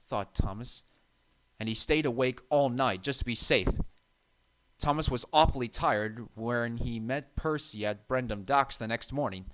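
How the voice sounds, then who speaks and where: A man narrating a children's train story in an even, measured reading. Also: medium pitch.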